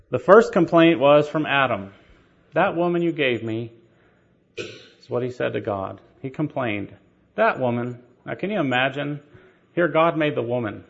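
A man's voice: mid-range voice, gravelly. A man preaching a sermon, telling stories with rhetorical questions and light laughter. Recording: dull lo-fi sermon recording.

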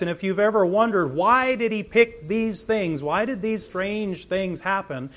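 A man preaching a sermon, animated and full of rhetorical questions, swinging between loud emphasis and quiet asides. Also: sits high.

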